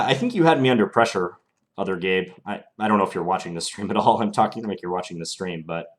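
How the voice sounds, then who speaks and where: Calm, low-voiced man commentating chess. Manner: thinking aloud, calm and analytical. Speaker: chess streamer.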